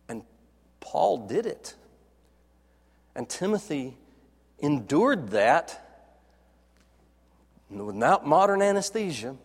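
High-voiced preacher in a reverberant hall. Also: male voice, sing-song, slow pace, long pauses, husky. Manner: dramatic, acts out quoted dialogue, drops to soft low tones. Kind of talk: sermon.

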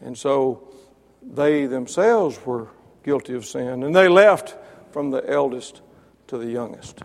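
A man preaching a sermon, building to loud emphatic peaks, then dropping low, with wry asides to listeners by name. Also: animated, takes it slowly. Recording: long reverb of a large hall.

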